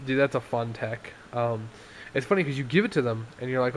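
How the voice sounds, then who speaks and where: A young man talking casually through his card game deck, excitable, laughing often and acting out his opponents. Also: mid-range voice, normal speed, long pauses, a little hiss or hum.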